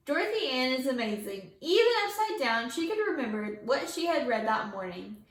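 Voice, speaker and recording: A woman teacher reading a picture book aloud to her class, with lively character voices. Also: high voice, moderate pace. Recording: echoey room.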